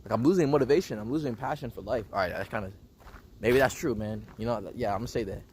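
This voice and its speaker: Young dude vlogging, super casual, says bro a lot, faint hiss behind. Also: male voice, mid-range voice, quick pace, darkish tone. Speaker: self-improvement vlogger. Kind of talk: casual personal monologue.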